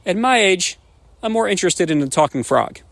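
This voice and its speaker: A man voicing an old man in a joke, deadpan and unimpressed. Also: high voice, brisk, creaky, no room sound, pitched above the performer's own voice, exaggerated voice. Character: old man walking the beach, dry and unimpressed.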